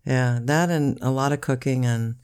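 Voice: medium pitch, normal speed, a little mellow, clean tone. A podcast co-host chatting casually, teasing with a dry, sarcastic edge. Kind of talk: casual chat.

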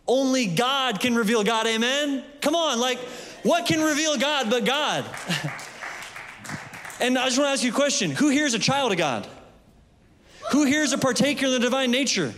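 A man's voice: extremely high pitch, animated, moderate pace, long pauses, a bit bright, a faint crowd, a little hiss or hum. A man preaching a sermon, passionate and conversational, with asides and jokes to the congregation. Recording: long hall reverb.

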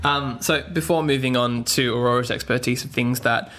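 A man's voice: medium pitch, fairly even intonation, moderate pace, bright, forceful tone, a little hiss or hum. A man hosting a podcast, chatting playfully and laughing often. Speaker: podcast host. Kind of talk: casual chat.

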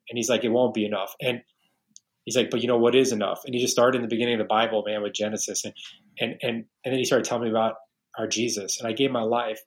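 A man's voice: mid-range voice, flat delivery, fast talker. A man from New York in his forties, a podcast guest telling personal stories in earnest, casual talk with frequent restarts. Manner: earnest storytelling, many restarts.

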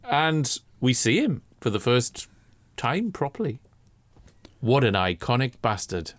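A man co-hosts a podcast, chatting with excitable energy and plenty of swearing. His pitch swoops widely from high to low. The sound is dry and close to the mic. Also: a little slow, no echo. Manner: animated, enthusiastic, sweary. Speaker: podcast co-host. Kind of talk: casual chat.

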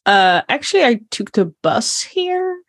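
A woman's voice: fairly high pitch, very animated, a little slow, no room sound, studio quality. A woman speaking as her character in a tabletop role-playing game, hesitant with many fillers.

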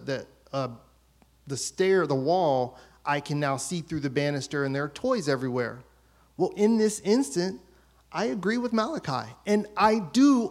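A man in his thirties preaching a sermon as pastor, telling a story about his children and acting out their voices. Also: a little high.

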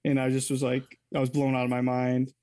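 A man's voice: medium pitch, monotone, fairly quick, dark tone, no echo. A man telling a personal story as an interview guest, candid and rambling, often correcting himself mid-sentence.

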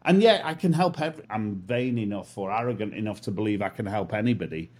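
A man's voice: lowish voice, animated, quick pace, a little mellow. A man in his fifties, a guest in an interview, musing in a self-deprecating way as he talks through his lessons. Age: 50s. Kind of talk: reflective interview conversation.

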